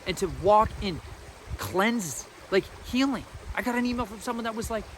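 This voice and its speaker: A man's voice: sits high, expressive, normal speed, fairly bright tone, a little hiss or hum. A man giving an informal spiritual teaching as a podcast host, earnest, emphatic and colloquial.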